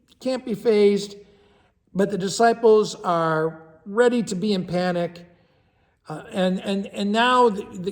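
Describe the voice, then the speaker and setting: A man's voice: high voice, big-room sound. A man speaking as a pastor, giving a casual devotional talk in a conversational way, with restarts and asides.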